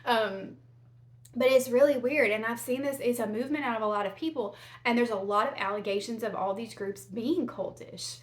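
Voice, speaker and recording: A woman's voice: fairly high pitch, normal speed. Chatty woman hosting a true crime vlog. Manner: chatty, many fillers and restarts. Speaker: true crime channel host. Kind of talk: casual commentary to camera.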